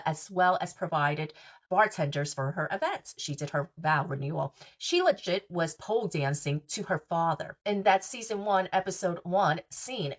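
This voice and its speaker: A woman's voice: mid-range voice, fairly bright tone. A woman with a New York accent hosting her own podcast, recapping reality TV in a blunt, gossipy way and swearing freely. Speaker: podcast host.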